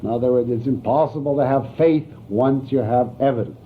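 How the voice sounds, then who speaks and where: A man's voice: medium pitch, a little fast. A man giving a university philosophy lecture in an emphatic, wry manner. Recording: tinny, lo-fi archival lecture tape with faint hiss.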